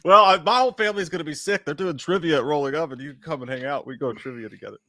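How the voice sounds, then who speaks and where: A man's voice: on the high side, racing, no room sound, studio quality. A man co-hosting a live movie podcast, chatting casually, swearing a lot and laughing often. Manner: profane, animated, laughs often. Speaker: podcast co-host.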